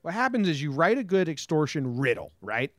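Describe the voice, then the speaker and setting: A man's voice: fairly high pitch, brisk, no echo, studio quality. A man co-hosting a podcast, chatting casually and telling stories with lots of energy, swearing and acting out quotes. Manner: animated storytelling, swears, acts out quotes. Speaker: podcast co-host. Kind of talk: casual comedic chat.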